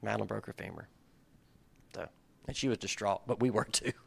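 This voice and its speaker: A man's voice: fairly low pitch, steady tone, brisk, gravelly, husky. A middle-aged man giving an informal, conversational sermon, earnest and at times building to emphatic peaks. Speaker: pastor or Bible study leader.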